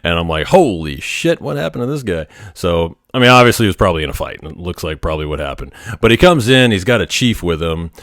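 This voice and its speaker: A man with a fairly low voice tells stories from his job as an X-ray tech. He talks in a laid-back, rambling way, with fillers and casual swearing. The sound is dry and close. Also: animated, fast, few pauses, a bit bright, no room sound. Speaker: Navy X-ray tech telling work stories. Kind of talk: casual storytelling vlog.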